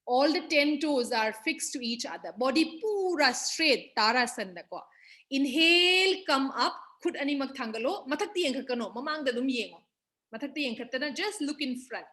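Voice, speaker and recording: Manipuri woman yoga teacher on a video call, high bright voice, counts and code-switches. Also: lively intonation, moderate pace. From Manipur, Northeast India. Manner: counts aloud, mixes English with local language. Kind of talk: online kids yoga class instruction.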